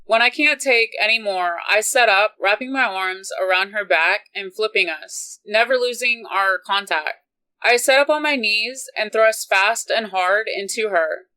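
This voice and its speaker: A woman reading a romance novel aloud in an unhurried, even manner. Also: medium pitch, poor audio. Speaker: audiobook reader.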